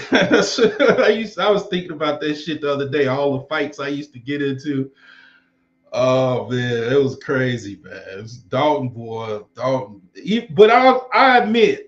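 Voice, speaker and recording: A man's voice: mid-range voice, animated, normal speed. A man in his forties telling stories casually in a loose, rambling and profane way. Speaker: vlogger. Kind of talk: casual storytelling. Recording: roomy, slightly dull recording.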